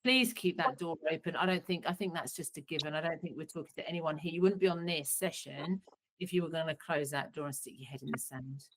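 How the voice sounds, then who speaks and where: A woman's voice: low-pitched, a little fast, a bit bright, a little hiss or hum, low-quality recording. A middle-aged woman psychotherapist, giving earnest, practical advice in an online workshop, often restarting her sentences.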